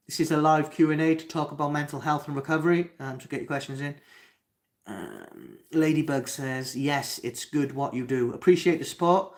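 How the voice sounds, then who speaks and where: A man's voice: on the high side, moderate pace, long pauses. A young man with a Cardiff accent, from Wales, hosting a live Q&A and reading out chat comments, talking hesitantly with lots of ums and restarts. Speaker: livestream host.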